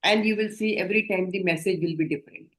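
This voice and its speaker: Indian woman giving a measured training lecture. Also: lowish voice, fairly bright tone, rough recording. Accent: Indian English. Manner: measured, explanatory, often asks the group questions. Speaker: healthcare communication trainer.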